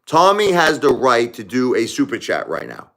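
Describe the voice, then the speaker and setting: A man hosting a casual livestream, talking emphatically and repeating himself, swinging between loud and quiet. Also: mid-range voice, huge pitch swings, normal speed. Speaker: livestream host.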